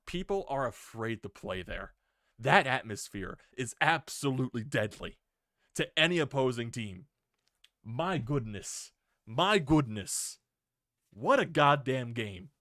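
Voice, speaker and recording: A young man hosting a sports video, giving an excited fan reaction rant, swearing freely and laughing. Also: mid-range voice, no room sound, clean studio sound.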